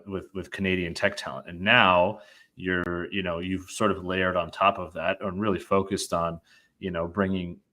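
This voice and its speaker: A male podcast host with a very low voice asks his guest questions in a relaxed interview. He hesitates and restarts often, feeling his way toward each question. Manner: hesitant, with many fillers and restarts.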